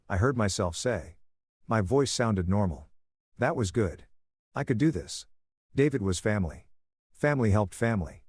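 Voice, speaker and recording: Male narrator, low, soothing voice, dry close-miked read. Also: normal speed, pauses often, breathy edge, dry recording. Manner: calm, soothing reading. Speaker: story narrator. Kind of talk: first-person story narration.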